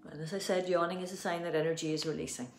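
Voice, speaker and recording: A woman with an Irish accent leading a guided tapping session, giving gentle instructions and slow, soothing affirmations. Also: lowish voice, fairly even intonation. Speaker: tapping practitioner. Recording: roomy echo.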